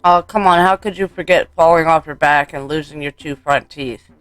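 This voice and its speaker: Brief: man doing an overbearing, clingy mother type, sweet and smothering, slightly raised voice, smooth tone. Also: a little high, normal speed, fairly bright tone, dry recording, soft background music, close to an everyday voice. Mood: sugary. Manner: sugary, smothering pet names. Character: doting, unsettling adult woman, motherly, obsessive.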